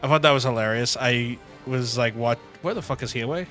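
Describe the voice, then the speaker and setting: Young man, game stream commentary, crisp bright voice, lots of swearing and laughter, faint music behind. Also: mid-range voice, a little fast. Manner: swears freely, laughs often, animated storytelling. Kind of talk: casual livestream commentary.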